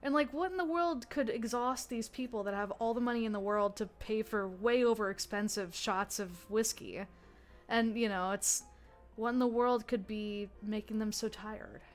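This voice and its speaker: A woman game master narrating a tabletop session in a casual, rambling way. Her voice sits fairly high. Soft music plays faintly underneath. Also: normal speed. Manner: chatty, lots of fillers and self-corrections.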